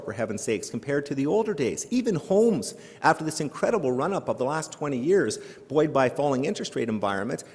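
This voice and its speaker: A middle-aged man from Canada works a live audience in a big hall with quick, animated jokes. His voice sits high and races along. A long reverb trails each line. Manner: animated, joking, rhetorical questions. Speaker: keynote speaker. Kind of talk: humorous keynote speech. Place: large hall before an audience.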